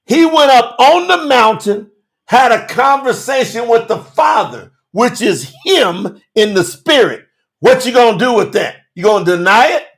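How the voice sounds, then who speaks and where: Brief: male Bible-study host, high and swooping voice, slow deliberate emphatic preaching, slangy. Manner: emphatic, preachy, rhetorical questions; casual slangy street talk. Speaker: Bible teacher and podcast host. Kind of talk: livestreamed Bible study sermon.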